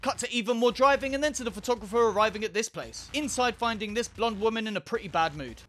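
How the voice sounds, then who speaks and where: A man's voice: sits high, expressive, fast, fairly bright tone. A man narrating a film recap with sardonic, profane asides. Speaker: film reviewer.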